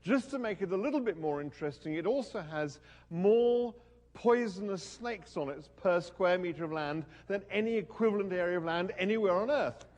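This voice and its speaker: A man's voice: sits high, lively intonation, normal speed, darkish tone. Wry, hesitant man giving a talk. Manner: wry, hesitant, many ums and restarts. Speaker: guest speaker. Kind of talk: lecture with reading aloud. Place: university event.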